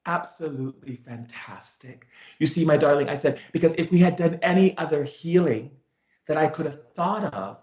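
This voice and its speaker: A man teaching through a story, animated and emphatic, repeating himself and leaning on fillers. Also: on the high side, a little fast. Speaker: spiritual teacher, show host. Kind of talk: storytelling lesson. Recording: echoey room, dull sound.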